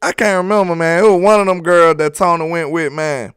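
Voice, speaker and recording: A man's voice: fairly high pitch, fairly even intonation, a little fast, a bit bright, clean tone, no echo, clean studio sound. Slangy laughing sports-stream host man. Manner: loose, slangy and repetitive, laughs often. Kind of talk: casual live-stream chat reading viewer comments.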